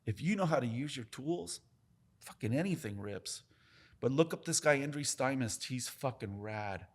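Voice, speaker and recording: A man's voice: mid-range voice, normal speed. A man, a tattoo artist talking bluntly and swearing as he tells stories on a casual podcast. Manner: blunt, swears often, animated storytelling.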